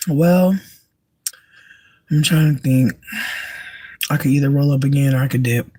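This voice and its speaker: The streamer rants from a car at a brisk clip, the voice a little mellow with little pitch movement. Swearing fills the casual talk, which dips into low mutters and then shrieking laughter. The recording is dry.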